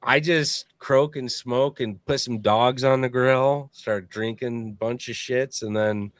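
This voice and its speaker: A man hosting a casual podcast chat, rambling on in a loose, animated way and swearing freely. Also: medium pitch, slow pace, no room sound. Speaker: podcast host.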